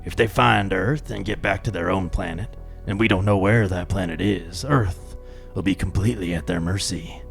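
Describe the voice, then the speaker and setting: A man playing a stern starship captain in a radio drama, speaking in a deliberate, commanding way. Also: low-pitched, vocal fry, faint music behind.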